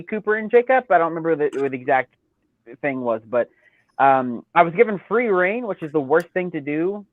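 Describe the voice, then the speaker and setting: A man's voice: fairly high pitch, no echo. A man guest telling a rambling, profane story in casual podcast chat. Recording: tinny phone-like line, dry.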